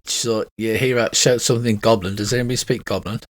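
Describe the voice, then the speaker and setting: A man's voice: lowish voice, quick pace. Game master: man, loose rambling narration. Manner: rambling, relaxed, with many fillers.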